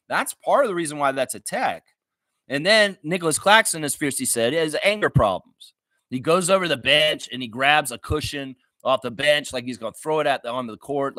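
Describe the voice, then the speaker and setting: A man's voice: fairly high pitch, pushed and bright, dry recording. A man hosting a live basketball reaction stream, ranting with heavy swearing and reading viewer comments aloud. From Canada. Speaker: sports fan channel host.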